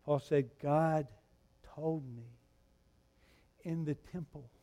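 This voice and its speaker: A man preaching a verse-by-verse sermon, swinging between loud, animated retelling and quiet, reflective reading, with restarts as he tells the story. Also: a little high, takes it slowly. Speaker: pastor. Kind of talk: expository sermon.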